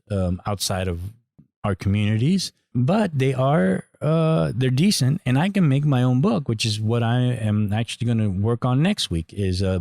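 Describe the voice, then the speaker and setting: A middle-aged man hosting a podcast, giving a blunt, profane, animated monologue. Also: medium pitch, no room sound, clean studio sound. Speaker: podcast host. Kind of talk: casual opinionated monologue.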